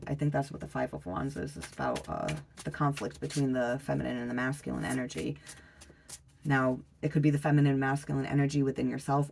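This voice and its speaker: A tarot reader talks through a spread in a loose, conversational way, with plenty of "um"s and pauses. The voice has a gravelly, creaky texture at a middling pitch. The delivery is blunt and now and then slips in a swear word. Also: a little mellow, a little hiss or hum. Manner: loose and unhurried, frequent fillers and trailing pauses. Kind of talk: casual tarot reading.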